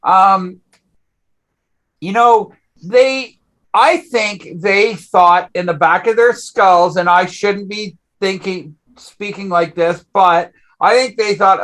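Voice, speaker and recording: A man's voice: high voice, slow pace, fairly bright tone. Blunt man hosting a podcast. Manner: blunt, frank, loose phrasing. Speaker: podcast host. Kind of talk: casual chat.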